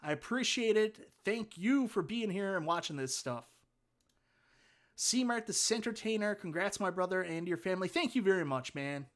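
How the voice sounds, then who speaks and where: Speaking at normal speed with lively intonation, a man with a high-sitting, fairly bright voice hosts a casual livestream. His Newfoundland accent comes through as he rambles enthusiastically, reading comments and thanking viewers.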